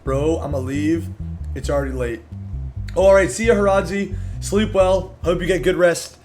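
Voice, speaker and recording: A young man streaming a game live, reacting loudly in excitable slangy casual chat. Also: on the high side, normal speed, faint music behind.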